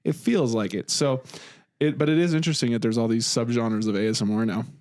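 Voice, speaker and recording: Young male co-host, mid-pitch, dry close sound, lively casual banter. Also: brisk, no room sound. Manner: animated, laughing, acts out whispered bits. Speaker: podcast co-host. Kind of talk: casual chat.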